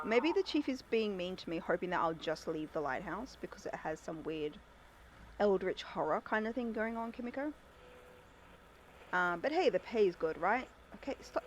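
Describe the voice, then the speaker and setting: A woman's voice: mid-range voice, a little hiss or hum, poor audio. A young woman streaming a game live, chatting with viewers and reacting as she plays. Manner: chatty, reacts and reads chat aloud. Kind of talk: casual game commentary.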